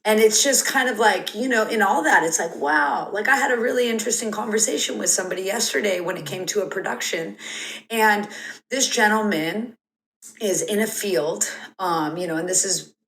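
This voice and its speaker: A woman talking earnestly and a little rambly as a podcast guest, her sentences full of casual fillers. Her voice sits at an ordinary middle pitch and carries a noticeable room echo. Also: normal speed, a bit bright. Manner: earnest, rambling, many "like" and "you know" fillers. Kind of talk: reflective conversational storytelling.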